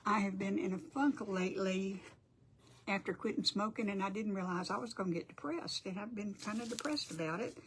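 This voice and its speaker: A woman's voice: mid-range voice, brisk, a little hiss or hum. An older woman hosting a casual crafting livestream, chatty and apologetic as she greets viewers by name.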